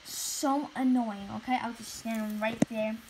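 A woman's voice: fairly high pitch, steady tone, normal speed. A young woman hosting a gaming channel, retelling a story in a chatty, rambling, exasperated way. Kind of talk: casual storytelling vlog. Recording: faint background noise.

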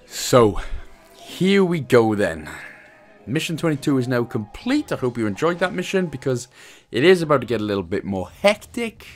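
A Welsh man hosting a gaming channel chats casually over gameplay. He jokes and mocks himself between tips, with a middle pitch that swings lively up and down. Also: normal speed, faint music behind. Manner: joking, chatty, self-mocking.

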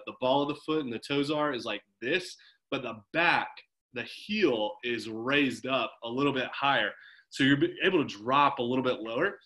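A man's voice: medium pitch, fairly bright tone, low-quality recording. A man coaching a swim team through a home workout on a video call, giving chatty, encouraging instructions with fillers.

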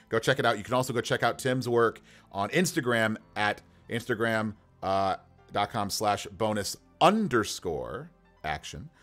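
Animated man streaming, lively pitch. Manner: rambling, lots of fillers, animated. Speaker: streamer and game master. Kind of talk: live-streamed character creation.

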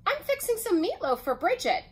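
An earnest young boy from a picture book, as a woman reads him aloud. His voice sits high and bright with eagerness. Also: sing-song, moderate pace. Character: patient, good-natured young boy.

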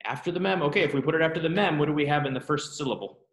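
A man teaching a Hebrew grammar class, talking students through the exercises with relaxed, self-deprecating asides and quick questions. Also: fairly high pitch, reverberant. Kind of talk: classroom lesson.

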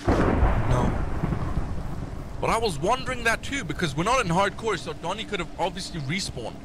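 Young male streamer, high-voiced, joking and excitable, game noise underneath. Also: normal speed. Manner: excitable, joking, mock-translating foreign phrases. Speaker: gaming streamer. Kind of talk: casual gaming chat.

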